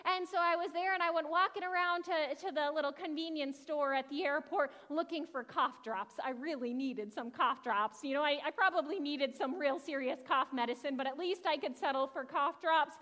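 A woman pastor gives a sermon in a bright, high voice. She talks fast and animated, telling stories to her congregation, and a long church reverb trails after each phrase. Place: church sanctuary.

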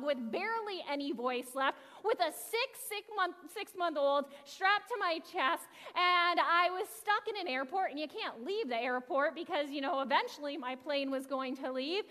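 A woman pastor preaching a sermon, telling a story quickly and with lots of animation. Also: high voice, long reverb tail. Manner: talks fast and animated, storytelling to the congregation. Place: church sanctuary.

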